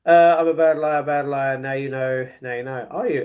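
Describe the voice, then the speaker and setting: A young man with a London accent, chatting quickly and rambling as he reads and answers his live chat. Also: fairly high pitch, a little mellow. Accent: London English. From England. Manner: fast, chatty, rambling with fillers. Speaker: live streamer.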